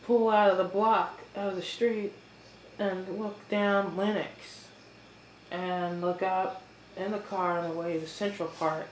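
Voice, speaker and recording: A woman talking in a casual, halting monologue full of fillers, chewing as she speaks. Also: medium pitch, fairly even intonation. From United States. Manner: rambling, halting, with many fillers. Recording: echoey room with faint noise.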